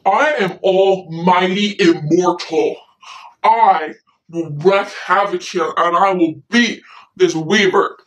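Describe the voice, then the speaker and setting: A woman voicing a boastful young heroine who declares her own might in a slow, mock-grand voice. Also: on the low side, far from the mic, voice pushed down, poor audio.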